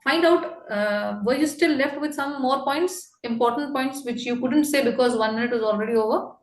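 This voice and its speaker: A woman with an Indian accent coaching a candidate after a mock interview. She is brisk and emphatic, mixing English and Hindi. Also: sits high, roomy sound.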